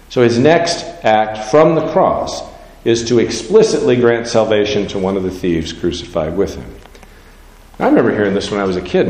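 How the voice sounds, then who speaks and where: A man's voice: fairly low pitch, very animated, moderate pace, darkish tone. A man preaching a sermon, reading scripture aloud and giving the verses changing emphasis. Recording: roomy hall with long reverb.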